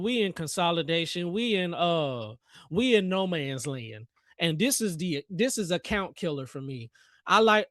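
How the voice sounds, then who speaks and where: A man's voice: high voice, fairly bright tone, no room sound, clean studio sound. A man hosting a trading livestream, joking and talking back to the chart in casual live commentary. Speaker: livestream host and futures trader.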